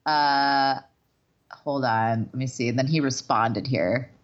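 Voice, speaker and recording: A woman's voice: rumbling low, slow, dull audio. A woman co-hosting a casual podcast, reading celebrity news aloud and joking around. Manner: giggly, reads news stories aloud, jokey impressions. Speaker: podcast co-host.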